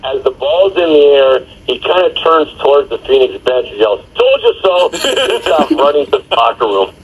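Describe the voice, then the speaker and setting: Husky man recalling old games. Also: mid-range voice, a little fast, rough recording. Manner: relaxed storyteller with restarts and chuckles. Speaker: former pro basketball player. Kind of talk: storytelling interview clip.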